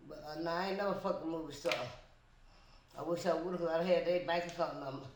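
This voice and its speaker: A woman's voice: deep voice, fairly even intonation, quick pace, darkish tone. A woman, a guest in casual chat, talking bluntly and brashly with no filter. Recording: echoey room with background noise.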